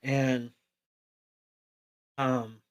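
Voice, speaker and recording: A man's voice: mid-range voice, flat delivery, extremely slow. A man co-hosting a podcast, loosely retelling an episode with fillers and casual swearing. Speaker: podcast co-host.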